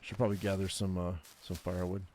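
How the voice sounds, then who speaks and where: A man's voice: deep voice, flat delivery, fast, dark tone, slight background noise. A man giving casual gameplay commentary, muttering his thoughts aloud and making chatty asides to viewers.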